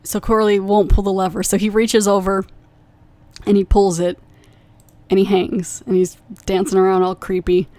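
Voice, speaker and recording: A young woman hosts a podcast and talks through an episode recap in a loose, rambling way, full of fillers and asides. Her pitch sits in a middling range, and the recording is dry and close to the mic. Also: flat delivery, dark tone, no echo. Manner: rambling, with many fillers and quick acted quotes. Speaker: podcast host reviewing a TV episode.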